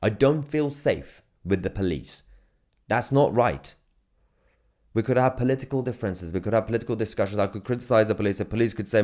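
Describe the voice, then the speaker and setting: Indignant man with a lively voice. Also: mid-range voice, fast. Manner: indignant, insistent, lists demands. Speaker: independent journalist. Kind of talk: impassioned statement to camera.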